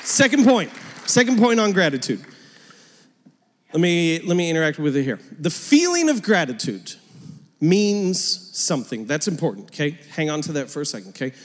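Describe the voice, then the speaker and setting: A man in his thirties preaching a sermon as pastor, conversational and joking, dropping into quiet asides between louder points. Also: on the high side, very animated, normal speed. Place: church auditorium. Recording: long hall reverb.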